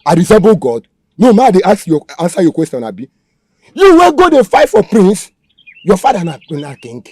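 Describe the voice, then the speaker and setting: A man's voice: on the high side, big pitch swings, fast talker, warm tone, slightly rough, dry recording, clean studio sound. An actor playing a menacing male kidnapper, threatening his captive in Nigerian Pidgin English. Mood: mocking. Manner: threatening, barking orders, Pidgin slang. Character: menacing male kidnapper thug, violent and contemptuous. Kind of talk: Nollywood film acting.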